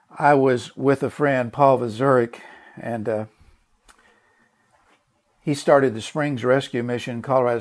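With a mid-range voice, a man relates a personal story during a sermon. Earnest and emphatic, he keeps repeating words and questioning his listeners directly.

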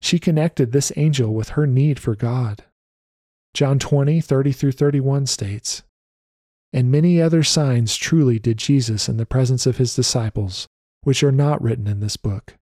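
A man reading a scripted devotional message as a lay preacher, reciting scripture references in a steady manner. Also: mid-range voice, moderate pace, no room sound, studio quality.

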